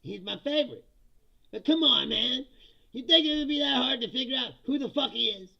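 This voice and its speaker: Middle-aged male streamer, high bright gravelly voice, profane and jokey, slightly dull lo-fi audio. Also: animated, fairly quick. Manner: laughs often, profane, reads chat comments aloud and answers. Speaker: livestream host reading chat. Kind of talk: casual ranting political comedy stream.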